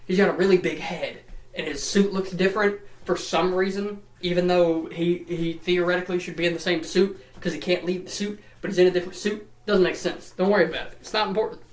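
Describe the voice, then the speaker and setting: A man's voice: sits high, fairly even intonation, brisk, reverberant. A man rattling through a comedic lore summary, rambling and profane, with repeats and silly put-on voices. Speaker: lore recap commentator.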